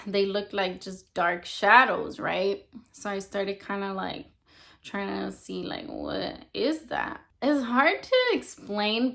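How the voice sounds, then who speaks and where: A young woman shares a personal testimony in loose, casual storytelling, leaning on "like" at every turn. Her voice sits at a middle pitch and carries a steady gravelly fry. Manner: rambling, heavy use of "like" fillers. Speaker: testimony speaker.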